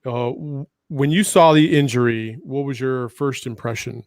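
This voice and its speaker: A man's voice: medium pitch, steady tone, normal speed, darkish tone, no room sound, clean studio sound. Laid-back man hosting a podcast. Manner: teasing, laid-back, frequent fillers. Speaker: podcast host. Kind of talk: casual sports chat.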